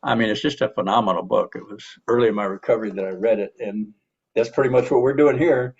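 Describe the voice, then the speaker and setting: A man's voice: lowish voice, fast, gravelly, husky, dull audio. A middle-aged man talking about recovery in an earnest, reflective monologue, sighing often and restarting his sentences. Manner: earnest, self-reflective, with frequent restarts and sighs. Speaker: recovery and personal growth speaker.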